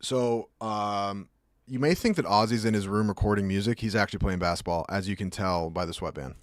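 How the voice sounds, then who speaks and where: A man's voice: on the low side, fairly quick, no echo, studio quality. A man streaming and chatting casually, rambling through jokey asides. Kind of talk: casual chat.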